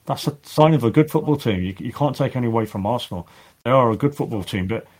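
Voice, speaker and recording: A man speaking as a guest on a casual podcast, halting, with many restarts and fillers. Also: medium pitch, expressive, a little mellow.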